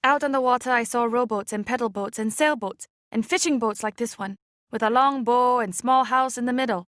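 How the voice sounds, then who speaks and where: A woman reading an audiobook chapter aloud in a measured, expressive way. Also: on the high side, dry recording, clean studio sound. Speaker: audiobook reader. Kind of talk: scripted narration.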